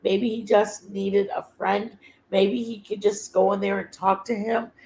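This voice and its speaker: A woman's voice: medium pitch, level tone, measured pace, warm tone, slight background noise, rough recording. A middle-aged woman hosting a livestream in casual chat, rambling earnestly and often stopping to search for the right words. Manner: earnest and heartfelt. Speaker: livestream host.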